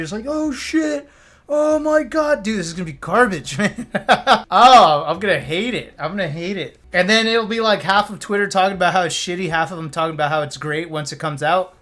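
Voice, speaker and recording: High-voiced man ranting on stream. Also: a bit bright. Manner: blunt, sarcastic, swears freely. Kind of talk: casual live-stream rant.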